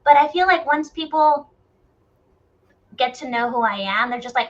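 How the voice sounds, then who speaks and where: Woman talking it out in a group, blunt and animated, slightly high voice, dull muffled audio. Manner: blunt, animated, rapid self-questioning. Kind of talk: candid group discussion.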